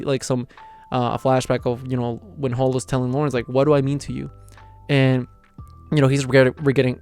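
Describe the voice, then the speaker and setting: A young man recaps an anime episode in a loose, rambling way, leaning on fillers as he goes. His voice sits at an ordinary pitch and comes through smooth and resonant. Faint music plays underneath. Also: a little mellow. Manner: rambling, heavy on "like" and "you know". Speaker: anime reaction reviewer.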